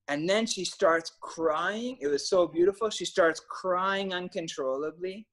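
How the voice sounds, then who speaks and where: A passionate man, his voice pitched a little high. He talks casually and emphatically, now and then swearing, as he tells a story as a coach. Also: unhurried, few pauses, a bit bright. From Canada. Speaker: trainer and guest coach.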